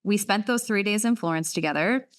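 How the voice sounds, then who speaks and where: An animated young woman from the United States chats as a podcast guest, her voice pitched in the middle range for a woman. She tells her story with lively energy, laughing often and restarting her sentences. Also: fairly quick. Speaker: guest author. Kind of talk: casual interview storytelling.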